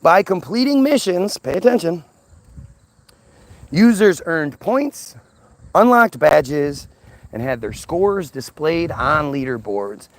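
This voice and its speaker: Male commentator, agitated unscripted rant, raised pitch, stumbling repeats. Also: very animated, takes it slowly, a little hiss or hum. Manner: ranting, agitated; repeats and restarts words. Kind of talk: unscripted monologue.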